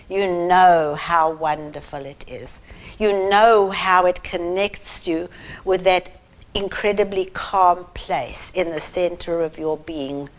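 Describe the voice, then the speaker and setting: A woman talks to parents in an earnest, emphatic way. She speaks slowly and deliberately, and her voice sits a little low. Her tone is that of a parenting advisor giving advice straight to camera. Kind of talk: direct-to-camera advice talk.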